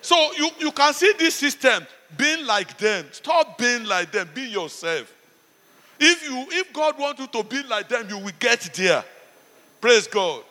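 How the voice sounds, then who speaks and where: A man's voice: very high voice, sing-song, measured pace, bright, forceful tone, in a large hall. A middle-aged man with a Nigerian accent, a pastor preaching a sermon and telling stories, often saying "Praise God.".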